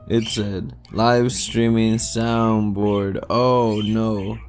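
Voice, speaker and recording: A man's voice: on the low side, flat delivery, very slow, darkish tone, a little hiss or hum. A man hosting his own podcast alone, rambling casually, swearing freely and laughing often. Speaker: podcast host. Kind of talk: casual solo podcast chat. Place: home by a window.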